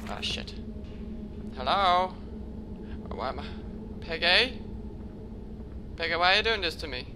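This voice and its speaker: A young man giving casual gameplay commentary as a let's play host, joking, swearing often and reacting loudly when startled. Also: on the high side, lively intonation, unhurried, noisy background. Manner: jokey, swears a lot, loud startled reactions.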